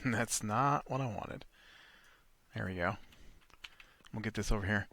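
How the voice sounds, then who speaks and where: A man's voice: on the low side, a little slow, bright, forceful tone. A man hosting a let's play, telling a rambling story in casual chat while he plays. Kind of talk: casual chat while playing a video game.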